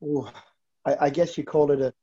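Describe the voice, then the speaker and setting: Pitched on the high side, his warm, slightly rough voice holds a steady tone at a moderate pace. As co-host of a wrestling recap show he chats casually, musing with stammered restarts, in slightly dull, lo-fi sound.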